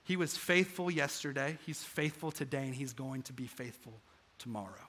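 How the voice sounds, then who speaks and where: A man's voice: medium pitch, normal speed, fairly bright tone. A young man preaching a sermon to a live congregation, telling a personal story earnestly and building to emphatic peaks. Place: stage in front of a live congregation.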